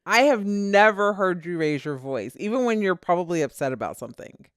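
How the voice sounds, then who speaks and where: Lively, clear-voiced mother chatting casually. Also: fairly low pitch, fairly quick, dry recording, clean studio sound. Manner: animated storyteller, laughs often, acts out quotes. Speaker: podcast co-host. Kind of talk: casual chat.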